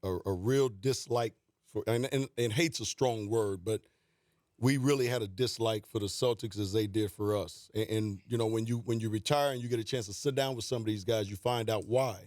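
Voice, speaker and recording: Animated man telling studio stories. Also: fairly low pitch, fairly quick, no room sound. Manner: animated anecdotes, quoting players, laughing. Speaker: guest, former basketball coach. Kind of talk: storytelling in a radio interview. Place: radio studio. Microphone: studio mic.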